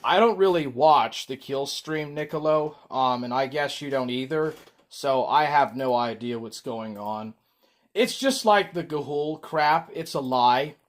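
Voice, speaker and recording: A man talks casually to his livestream chat, drawing his words out slowly. He rambles and fills gaps with ums, in an even middle register. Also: mid-range voice. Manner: rambling, slow, with frequent ums.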